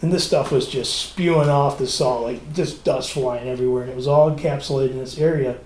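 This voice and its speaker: At a fairly quick clip and medium pitch, this man co-hosting a podcast spins a casual story, bringing its characters to life through lively quotes. The recording has a roomy sound and a little hiss or hum.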